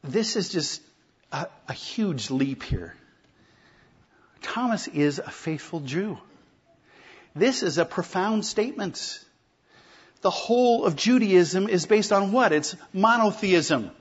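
A pastor preaching a sermon in a conversational way, often asking the congregation rhetorical questions. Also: male voice, high-pitched, animated, slow, husky, muffled recording.

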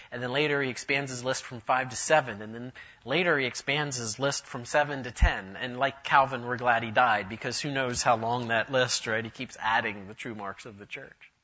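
A man delivers a conference lecture on church history with enthusiasm and dry humor, drifting into asides. His voice is bright and forceful. The recording sounds dull and lo-fi. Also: medium pitch, fairly quick, slightly rough.

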